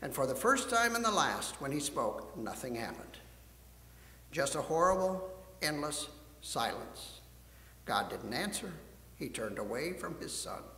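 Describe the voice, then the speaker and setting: A male pastor reads scripture as a story and then preaches, with a high, expressive voice. He drops to a hush and builds to emphasis, and the sanctuary answers with a long, roomy echo. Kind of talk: storybook reading and sermon. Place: church sanctuary. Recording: echoey church hall.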